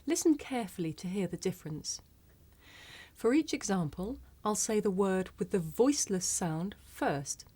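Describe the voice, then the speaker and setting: A woman with a British accent teaching English pronunciation, speaking clearly and deliberately, carefully over-articulating each sound. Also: mid-range voice, sing-song, dark tone. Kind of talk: slow scripted pronunciation lesson.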